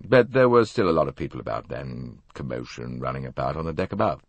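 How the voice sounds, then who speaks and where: A man voicing an angry, defiant young man who speaks bluntly and gruffly. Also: rumbling low, sing-song, fast talker, no room sound, muffled recording, full character voice. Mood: casual.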